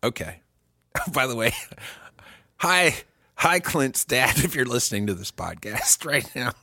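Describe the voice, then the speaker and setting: Man, comedy podcast co-host, profane, bright voice, very lively pitch. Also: slow pace, vocal fry, no room sound, studio quality. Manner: crude, profane, animated storytelling. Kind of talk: casual comedic chat.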